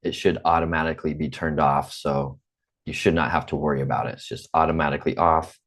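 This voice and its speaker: A man in his forties with a General American accent, teaching an online English class slowly and patiently, repeating himself, over a computer mic on a video call. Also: rumbling low, fairly even intonation, fairly bright tone. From United States. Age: 40s.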